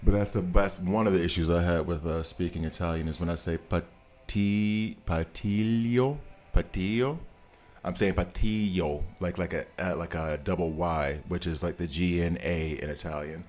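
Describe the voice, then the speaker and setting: Deep-voiced American man streaming casually. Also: fairly even intonation, moderate pace. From United States. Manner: chatty, laughs often, greets chat viewers. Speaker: game streamer. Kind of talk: casual live-stream chat. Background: soft background music.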